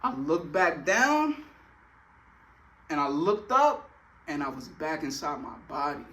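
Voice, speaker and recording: A man's voice: a little high, big pitch swings, slow pace, pushed and bright. A young man telling a personal story in a casual, slangy way, full of filler phrases.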